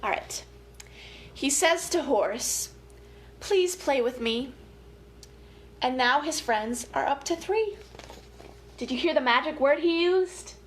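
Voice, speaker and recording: A young woman family educator reading a picture book aloud to children, with gentle, playful, chatty asides to her young listeners. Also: high-pitched, lively intonation, measured pace, a little hiss or hum.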